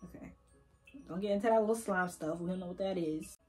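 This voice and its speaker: Speaking fairly quickly in a fairly low voice, a young woman who makes gaming videos on YouTube narrates a casual let's-play from her computer. She talks to her audience, cajoles and pokes fun at the characters, and faint game music can be heard.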